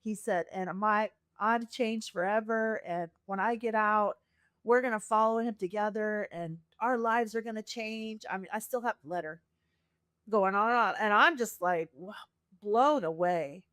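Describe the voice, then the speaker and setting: A woman's voice: medium pitch, normal speed, no room sound, studio quality. Earnest woman telling her testimony. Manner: earnest, animated, acts out quoted voices. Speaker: podcast guest sharing her testimony. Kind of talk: emotional personal storytelling.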